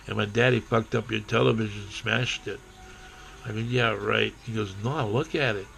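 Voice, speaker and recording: A man telling a rambling, profane personal story, acting out quotes and breaking into shouting. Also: on the low side, fairly even intonation, normal speed, creaky, a little hiss or hum.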